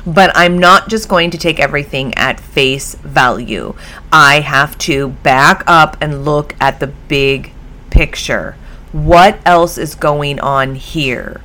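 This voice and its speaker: A woman's voice: sits low, takes it slowly. A woman hosting her own podcast on dog behavior from home, talking in a chatty, storytelling way. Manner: chatty, animated storytelling with laughs. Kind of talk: casual solo podcast.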